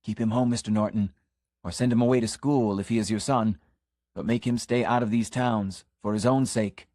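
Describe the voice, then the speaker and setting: A man reads the part of a middle-aged country constable, earnest and scandalized, delivering an urgent conspiratorial warning that sinks into a stage whisper. His voice is lowish, steady and warm at a normal speed, near an everyday sound, recorded studio-clean without room sound, as an audiobook character reading.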